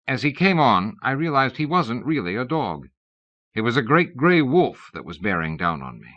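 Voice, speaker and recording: A man reading an audiobook, narrating in a measured, wry storytelling manner. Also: medium pitch, very animated. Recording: dull lo-fi cassette recording.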